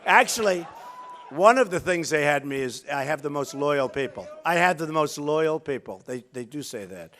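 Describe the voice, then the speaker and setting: A man's voice: on the high side, lively intonation, moderate pace, fairly bright tone, a little hiss or hum. A man running for office, giving a rambling, boastful, repetitive campaign speech from a rally stage. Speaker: political candidate.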